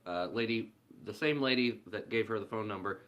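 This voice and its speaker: Low-ish voiced dude rambling through a movie plot, cursing, doing little voices for the characters. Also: male voice, moderate pace, a bit bright, dull audio. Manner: loose and profane, acts out characters' lines. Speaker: movie reviewer. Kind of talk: casual spoiler recap.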